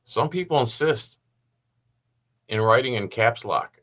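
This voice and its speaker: A man's voice: mid-range voice, lively intonation, unhurried, fairly bright tone. A man hosting a show, giving casual commentary on a video with rambling, sarcastic asides. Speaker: host.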